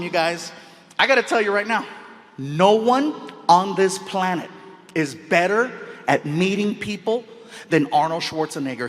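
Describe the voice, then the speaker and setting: A man doing live stand-up, animated, laughing at his own lines and yelling for effect on a stage mic. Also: sits high, long reverb tail. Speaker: stand-up comedian and host. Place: comedy stage before a live audience.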